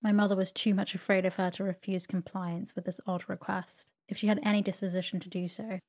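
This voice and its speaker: A woman narrating a classic novel as a sleep story in a calm, even manner. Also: medium pitch, brisk.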